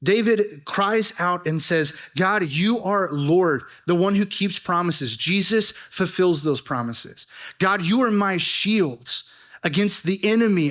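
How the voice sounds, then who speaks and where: A man's voice: high-pitched, fairly bright tone. A young adult man preaching a sermon as a student pastor, telling a personal story and then building to earnest, urgent emphasis.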